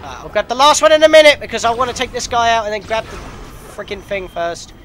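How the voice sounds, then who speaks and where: Chatty let's-play guy, high and bright, excitable yells. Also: quick pace. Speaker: let's player. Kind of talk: gameplay commentary.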